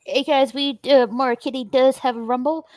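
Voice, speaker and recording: Woman co-host, slightly high voice, hesitant, filler-heavy, dry audio. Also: fairly even intonation, brisk, dry recording. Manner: hesitant, many fillers, greets chat. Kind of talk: casual live-stream chat.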